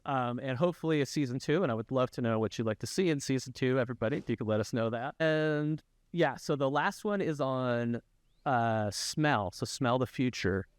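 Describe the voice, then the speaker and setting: An upbeat man talks through ideas on a tech podcast, rushing ahead, restarting sentences and checking in with the listener. His voice sits at an ordinary middle pitch. The sound is dry and close, with no room echo. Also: smooth. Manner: animated, many restarts and "right?" tags. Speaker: developer educator, guest. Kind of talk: enthusiastic casual podcast chat.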